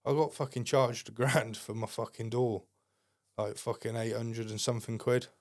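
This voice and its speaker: A man's voice: medium pitch, fairly even intonation, moderate pace, a little mellow, no echo, clean studio sound. Sweary man telling army stories. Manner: heavy swearing, rambling anecdotes. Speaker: podcast guest. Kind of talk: casual storytelling.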